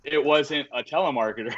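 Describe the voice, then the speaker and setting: A man's voice: mid-range voice, moderate pace, highs cut off. A man, a podcast guest, chatting casually and telling stories with lots of profanity and fillers. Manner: animated storytelling, frequent profanity and fillers. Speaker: record label owner guest.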